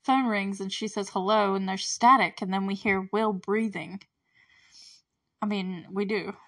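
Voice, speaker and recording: A woman's voice: medium pitch, steady tone, a little slow, vocal fry, a bit bright, dry recording. Woman rambling on her podcast, laughs a lot, dry sound, mic kinda far off. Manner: chatty and effusive, laughs often, quotes characters in brief put-on voices. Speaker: podcast host recapping a TV show. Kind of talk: casual solo podcast chat.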